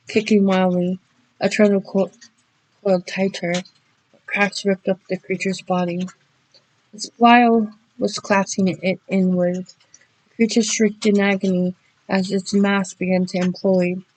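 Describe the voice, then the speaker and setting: A woman narrating a horror story dramatically, speeding through action and slowing for suspense. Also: medium pitch, darkish tone, no room sound, rough recording.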